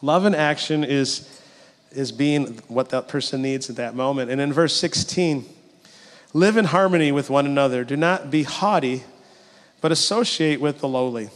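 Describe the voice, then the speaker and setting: A middle-aged man delivers a sermon at a mid pitch, chatty and anecdotal, with frequent asides to his listeners. His voice carries a long reverb tail, as if it is filling a large church sanctuary. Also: normal speed. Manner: conversational, storytelling with asides. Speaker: pastor.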